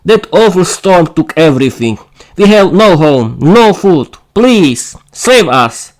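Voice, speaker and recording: A man's voice: high voice, sing-song, takes it slowly, full character voice. A man voicing a vampire mother who pleads with a trembling voice and brags about her daughter. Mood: pleading.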